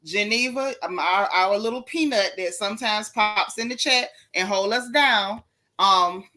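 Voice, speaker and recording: A woman's voice: medium pitch, unhurried, bright, forceful tone. A woman hosting a casual gossip livestream, greeting viewers in a folksy, chatty way. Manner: chatty, folksy Southern slang, calls everyone sis and baby.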